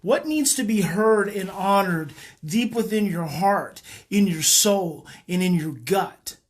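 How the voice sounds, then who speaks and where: A man, a parenting educator, leading a guided emotional exercise in a slow, repetitive coaching cadence. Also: high voice.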